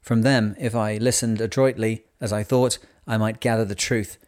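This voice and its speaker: A man narrating a novel in a measured, unhurried reading voice. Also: lowish voice, fairly even intonation, a little mellow. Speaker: audiobook narrator. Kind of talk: scripted narration.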